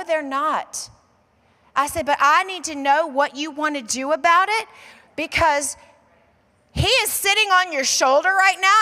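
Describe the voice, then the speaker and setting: A woman pastor preaching a sermon, telling a story in a quick, conversational way and slowing down to drive points home. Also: sits high, sharp tone, big-room sound. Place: large church hall.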